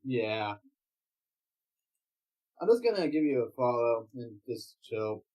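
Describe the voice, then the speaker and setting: A man from Wales, chatting casually as a guest streamer in an easygoing, halting way. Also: mid-range voice, very animated, warm tone, low-quality recording.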